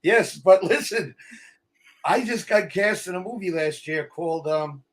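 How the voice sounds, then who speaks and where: A middle-aged man, an actor guest telling stories in a casual interview, blunt and animated. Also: sits high, a little slow.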